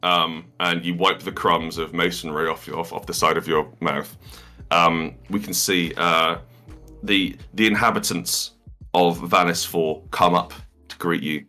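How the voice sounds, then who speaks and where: Bright-voiced man running a tabletop game. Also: low voice, steady tone, a little slow, soft background music. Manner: improvised, hesitant, laughs often. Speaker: game master.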